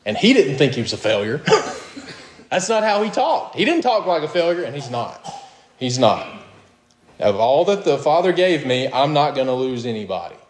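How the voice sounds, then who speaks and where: A man's voice: very animated, normal speed, slight background noise. Emphatic preacher man in an echoey room. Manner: emphatic, rising to high questions, with short laughs. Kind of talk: sermon.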